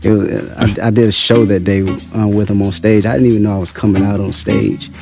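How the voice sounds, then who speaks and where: A man from Compton, a musician, answering interview questions in a relaxed, reflective way. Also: fairly low pitch, a little fast, soft background music. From Compton, California. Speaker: musician guest.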